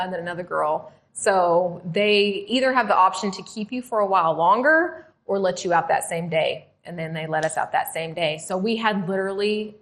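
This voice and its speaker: Animated woman telling her own story. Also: on the low side. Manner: animated, acts out quoted voices. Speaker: interview guest, former prisoner. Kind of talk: conversational storytelling.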